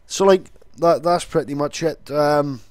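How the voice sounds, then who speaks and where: A man's voice: on the high side, measured pace, no echo. Laid-back man rambling casually. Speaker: vlogger. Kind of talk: casual vlog talk.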